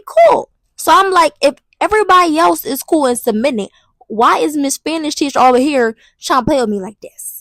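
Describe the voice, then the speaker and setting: High-voiced animated young woman storyteller. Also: no echo. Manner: animated, dramatic, slangy storytelling. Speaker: vlogger. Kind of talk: casual storytime monologue.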